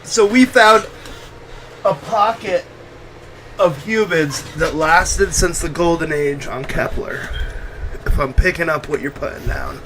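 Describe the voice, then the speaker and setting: A man chats his way through a video game stream, joking, swearing casually and reading bits of on-screen text aloud. His voice sits a little high, and clear game noise runs behind him. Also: slow. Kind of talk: casual live-stream gaming commentary.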